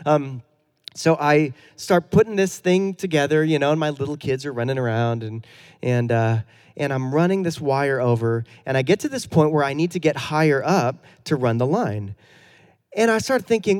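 Male pastor in his thirties; casual, self-deprecating storyteller preaching, voice sits a touch high. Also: normal speed, darkish tone. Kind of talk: sermon.

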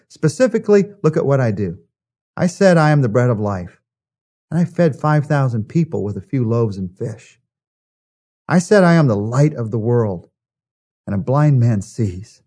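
A man's voice: mid-range voice, dark tone, breathy edge. A man giving a devotional Bible study, reading verses and explaining them in an earnest, emphatic way. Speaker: Bible teacher.

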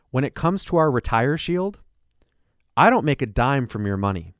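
A man delivers a radio advertisement as a financial advisor. His pitch is earnest and persuasive, built around rhetorical questions. His mid-pitched voice sits close to the microphone in a dry studio sound. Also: no echo.

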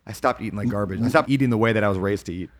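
A man hosting a podcast, chatting casually, agreeing readily and asking follow-up questions. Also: on the low side. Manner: agreeable, quick back-channel replies. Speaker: podcast host. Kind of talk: casual interview chat.

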